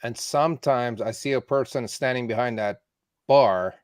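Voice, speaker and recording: A man hosts an interview on a video call, in a medium-pitched voice. His questions wander and restart as he thinks aloud. The recording is dry, with no room sound. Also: normal speed, clean tone, no echo. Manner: thoughtful, rambling questions with restarts. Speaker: podcast host.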